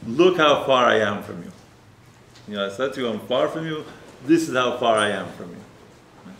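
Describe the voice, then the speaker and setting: A humble dead follower, a man, pleading that he is too distant from his master, as a preacher puts him on. The voice is plain and mid-pitched, with a roomy echo around it and faint noise behind it. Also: animated, moderate pace, a bit bright, close to an everyday voice. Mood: plaintive. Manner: plaintive, repeating how far he is.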